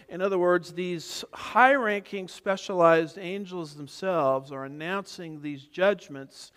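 A man's voice: high-pitched, a bit bright. A man preaching an expository sermon, teaching emphatically and driving home repeated points. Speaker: pastor. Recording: reverberant hall.

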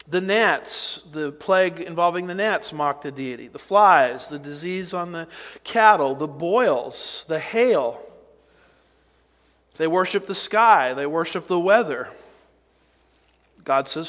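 Male pastor, sermon delivery, unhurried, emphatic, reverberant hall. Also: a little high, fairly bright tone. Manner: slow, deliberate preaching with emphatic rises and asides.

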